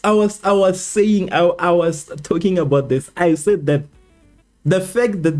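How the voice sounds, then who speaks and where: Animated man hosting a stream. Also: a little high. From South Africa. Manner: animated, repetitive, joking with chat. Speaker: live stream host. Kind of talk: casual match watchalong commentary.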